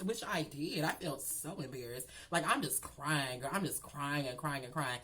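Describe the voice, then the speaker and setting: A woman tells a story in a casual, animated vlog style. Her voice sits on the low side, and she keeps calling her listener "girl" as she plays up the drama. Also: normal speed, few pauses. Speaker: storytelling vlogger.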